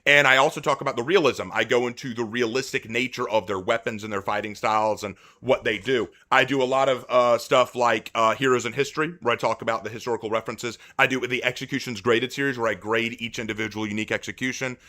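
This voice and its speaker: Excitable man with a bright voice. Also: medium pitch, fast, hardly any pauses. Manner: excitable and rambling, repeats himself. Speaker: content creator streaming live. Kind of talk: casual live-stream chat.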